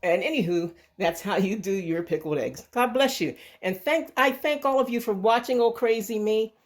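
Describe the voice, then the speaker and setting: A woman's voice: mid-range voice, expressive, moderate pace. Woman host, casual kitchen demo, chatty and rambling, handheld camera. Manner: chatty and rambling, with restarts, calls viewers folks. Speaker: channel host. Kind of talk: casual home cooking demo.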